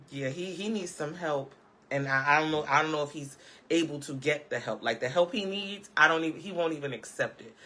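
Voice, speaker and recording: Woman vlogger, off-the-cuff live-chat commentary, sharp bright tone, sassy and emphatic. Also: low voice. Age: adult, parent of a school-age child. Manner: sassy, emphatic, punctuates points with "okay?" and laughs.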